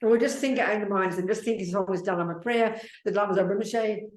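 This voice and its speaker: A woman's voice: mid-range voice, fast. Woman nun teaching dharma, blunt, keeps repeating herself, says darling a lot, roomy hall sound. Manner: blunt, repetitive, calls listeners darling and sweetheart. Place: meditation center hall.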